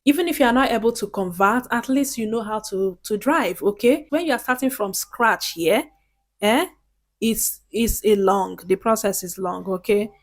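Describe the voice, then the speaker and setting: A woman's voice: mid-range voice, normal speed. A woman from Nigeria gives casual vlog advice in a chatty, earnest way, often checking in with her viewers. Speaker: vlogger.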